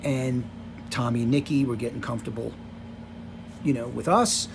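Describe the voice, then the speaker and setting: A man's voice: mid-range voice, steady tone, moderate pace, gravelly, a little hiss or hum. Rambling older man telling road stories. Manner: rambling, full of "you know" and "like". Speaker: vlogger telling rock-tour stories. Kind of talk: casual storytelling.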